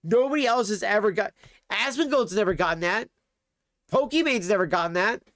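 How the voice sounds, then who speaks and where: A man's voice: high voice, animated, brisk, a bit bright, no echo, clean studio sound. A man livestreaming from home, chatting casually and ranting crudely while he reacts to a video. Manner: crude, ranting, swears often.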